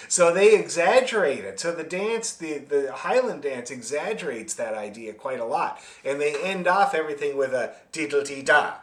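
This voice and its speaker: A man teaching a fiddle class over a video call, explaining rhythm in a friendly, joking way and singing the beats out loud. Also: on the high side, expressive, normal speed, roomy sound. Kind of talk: online music lesson, explaining and demonstrating.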